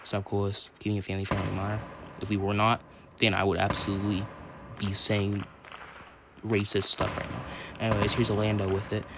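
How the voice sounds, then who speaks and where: A young man doing casual play-by-play commentary for an online hockey league on his phone, rambling and correcting himself, then shouting when someone scores. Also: fairly low pitch, a little fast, pauses often, very noisy. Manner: rambling, self-correcting, bursts into excited shouts on goals.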